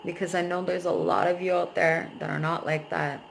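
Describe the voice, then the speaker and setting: A woman's voice: fairly low pitch, fairly even intonation, fairly quick, vocal fry, slight background noise, rough recording. A young adult woman vlogging, venting at length about a painful breakup in a rambling, emotional way and swearing freely. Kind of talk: personal venting vlog.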